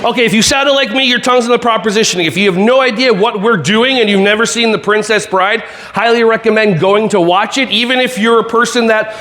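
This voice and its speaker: A man's voice: high voice, fairly quick, hardly any pauses, sharp tone. A man giving a playful, jokey keynote talk to a live audience from a stage. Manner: playful, jokey, makes silly laser sound effects. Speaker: keynote speaker. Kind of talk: energetic motivational keynote. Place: conference hall with live audience.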